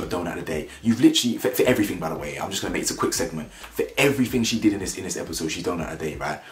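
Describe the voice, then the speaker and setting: A man ranting about a reality show, blunt and mocking, mimicking the people he talks about. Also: reverberant. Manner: blunt, mocking, mimics cast members in high voices. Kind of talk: animated opinion rant.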